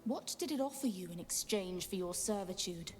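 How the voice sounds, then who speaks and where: A woman's voice: medium pitch, lively intonation, moderate pace, soft background music, natural voice. A woman voicing a stern, commanding female Githyanki warrior in a video game, imperious and threatening. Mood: probing.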